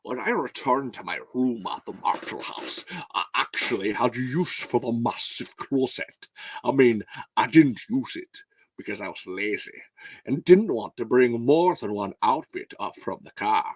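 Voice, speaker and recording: A man's voice: expressive, no room sound. A man doing a clumsy famous film star impression. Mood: mock suave. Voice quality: deliberately bad impression, low and murmured. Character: hammy Scottish-tinged male film star reading a novel.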